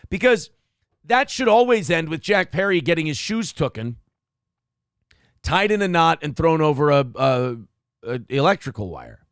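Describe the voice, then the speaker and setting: Foul-mouthed guy ranting on a morning show, gravelly voice, kinda high, real dry sound. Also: sing-song, normal speed, a bit bright, dry recording. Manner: profane, mocking, worked up. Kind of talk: crude casual commentary over video clips.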